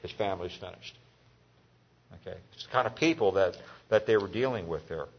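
Guy teaching bible class, low husky voice, folksy storyteller, dull lo-fi tape. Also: brisk. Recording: dull lo-fi recording.

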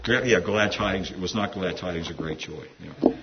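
Low-voiced pastor preaching casually. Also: male voice, brisk. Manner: conversational, digressive, with asides. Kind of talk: sermon. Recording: dull lo-fi sound with faint hiss.

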